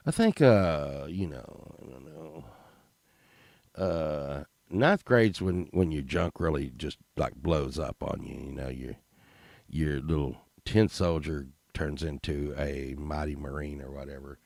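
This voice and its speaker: Middle-aged man, comic storyteller, crude and rambling, gravelly voice, slow unhurried delivery, dry close sound. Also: very deep voice, dry recording. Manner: animated, crude, rambling with fillers.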